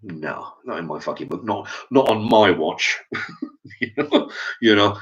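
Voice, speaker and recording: A man's voice: fairly low pitch, lively intonation, measured pace. Middle-aged man, English accent, opinion rant, stammering restarts, swearing, muffled lo-fi sound. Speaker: vlogger. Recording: dull lo-fi recording.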